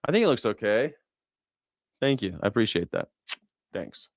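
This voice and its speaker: A man's voice: lowish voice, big pitch swings, normal speed, creaky, no room sound. Man ranting profanely, dry sound. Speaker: host. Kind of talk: news reaction commentary.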